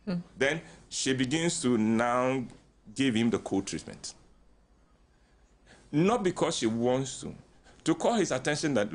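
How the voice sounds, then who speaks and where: An older man with a Ghanaian English accent, a radio guest giving relaxed counselling talk, who tells stories animatedly, acts out the voices he quotes and chuckles often. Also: on the high side, moderate pace.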